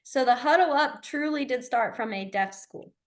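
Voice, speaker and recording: A young woman teaching a beginner sign language class, chatty and quick to laugh, with lots of fillers. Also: high voice. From Alabama. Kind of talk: casual classroom instruction.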